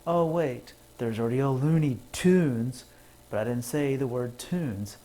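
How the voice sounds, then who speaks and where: A man's voice: unhurried, mellow, rough recording. A man telling rambling jokes to his stream camera from a home setup, laughing at his own punchlines. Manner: rambling, laughs at own jokes, puts on squeaky voices for callers. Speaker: comedian streamer. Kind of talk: casual stand-up rambling to camera.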